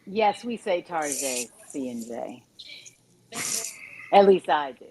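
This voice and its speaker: A woman co-hosting a casual live watch-along podcast. Her voice sits on the low side but moves lively in pitch. She speaks in an easygoing, wry way. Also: takes it slowly, a little hiss or hum, poor audio. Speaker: podcast co-host.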